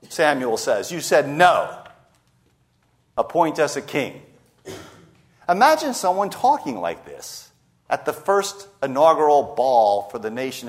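A man preaching a sermon with a lively, animated delivery. His voice sits a little high for a man and swings widely in pitch as he tells a scripture story and acts out its speakers. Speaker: pastor.

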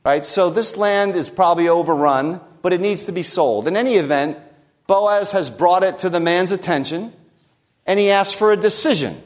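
A man's voice: high-pitched, normal speed. A man preaching a conversational sermon, explaining the text with wry humor and rhetorical "right?" check-ins. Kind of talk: expository sermon.

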